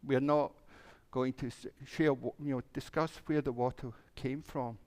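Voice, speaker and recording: A man's voice: mid-range voice, fairly even intonation, moderate pace, a little mellow. A man, a minister telling a playful children's story during a church service and acting out the animals.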